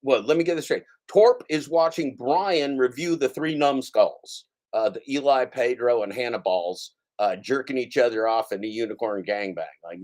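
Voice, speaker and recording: A man hosts a livestream with a loose, rambling rant, taunting and cursing as he goes. His voice sits at an ordinary male middle pitch, with casual, unpolished delivery. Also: normal speed, hardly any pauses. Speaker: livestream host. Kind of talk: ranting casual commentary.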